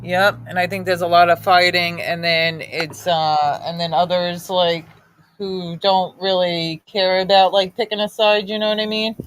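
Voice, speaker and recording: Rambling low-voiced woman. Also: level tone, a little slow, a little hiss or hum. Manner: rambling, filler-heavy, blunt and casual. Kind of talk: casual chat.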